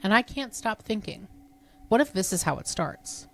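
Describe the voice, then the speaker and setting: A woman co-hosting a podcast, reading a spooky story in a hushed, suspenseful way. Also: medium pitch, very animated, normal speed, vocal fry. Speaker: podcast co-host. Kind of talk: reading spooky stories aloud.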